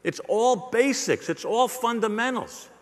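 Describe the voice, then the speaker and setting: A man's voice: very high voice, lively intonation, unhurried. A middle-aged man giving a joking, rhetorical live sales keynote to an audience in a large hall. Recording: long hall reverb.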